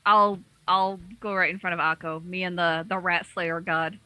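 A woman's voice: lowish voice, little pitch movement, normal speed, sharp tone, low-quality recording. A woman playing a tabletop game, easygoing and a little hesitant. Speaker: player. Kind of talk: casual tabletop play.

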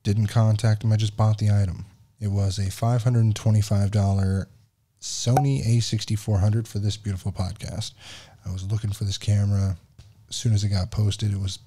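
A man's voice: fairly low pitch, dark tone. A man hosting a podcast, casually telling a story in a frustrated, profane way and acting out the dialogue. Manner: frustrated, profane, quotes other people in dialogue. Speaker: podcast host.

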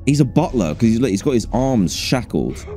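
Man, gaming streamer, lively swooping voice, low warm tone, excitable, faint music behind. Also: normal speed. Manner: excitable, jumpy, laughs a lot. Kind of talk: live gameplay commentary.

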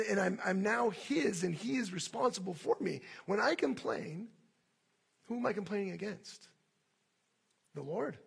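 Male pastor, sermon delivery, husky, fairly high, lively acting-out of quoted voices. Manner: animated, acts out complaining voices.

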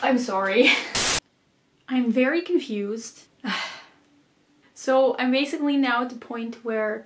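A woman casually vlogging about reading, chatty and self-deprecating, often laughing at her own confusion. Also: a little high. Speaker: book vlogger.

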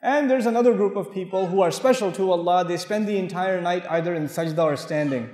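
A man giving an animated sermon, asking the audience rhetorical questions and reciting Arabic verses. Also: high voice, a little fast. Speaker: Islamic lecturer. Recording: echoey hall with long reverb.

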